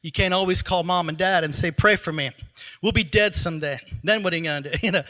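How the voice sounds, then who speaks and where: A middle-aged man preaches a sermon from a church stage with a handheld mic, his voice high and bright. He talks in an animated, joking way, and his throat troubles him, so he clears it often. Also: a little fast. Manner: animated, joking, laughs at his own asides. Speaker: pastor.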